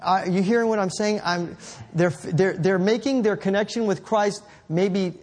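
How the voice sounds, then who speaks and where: A man preaching a sermon, reading scripture slowly and then riffing conversationally, with sudden high, incredulous exclamations. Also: steady tone, darkish tone. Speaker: pastor.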